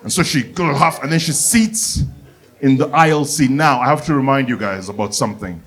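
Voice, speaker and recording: A young man from Uganda doing a stand-up comedy set, telling a lively story and acting out the people in it. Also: mid-range voice, a little fast. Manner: animated storytelling, acts out characters, bursts of excitement. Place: comedy venue with live audience.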